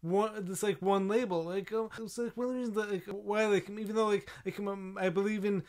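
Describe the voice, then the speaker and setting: A man speaking as a podcast guest in casual conversation, hesitant and halting, who keeps stumbling through fillers. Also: sits high, fairly even intonation, darkish tone.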